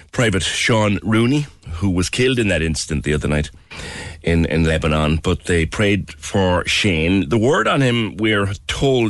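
A man with a very deep voice and a Cork accent talks on a local radio show. He moves chattily between light banter and sombre news, his voice jumping up when he gets animated. The sound is dry and close to the mic. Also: dry recording. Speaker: radio host.

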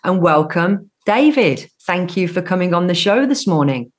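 A woman's voice: fairly low pitch, sing-song, normal speed. A woman with a Birmingham accent hosting an interview show, speaking in a gushing, emphatic way with frequent restarts. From Birmingham, England. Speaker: podcast host. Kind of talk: effusive interview chat.

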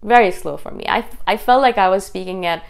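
Woman vlogger, rapid passionate delivery, smooth clear voice, casual monologue. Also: medium pitch. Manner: fast, intense, animated delivery. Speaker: YouTube host. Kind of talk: casual talking-head monologue.

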